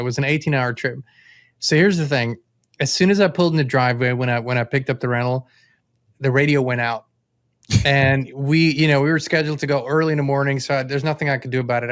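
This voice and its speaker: A man hosting an interview, telling a story in a relaxed chat with easy laughs. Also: mid-range voice. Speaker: host. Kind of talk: casual chat.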